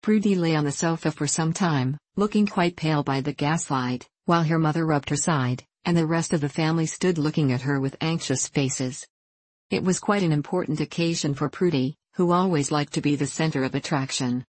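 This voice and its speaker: A woman narrating a children's storybook in a gentle, even reading voice. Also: low-pitched, brisk, no room sound.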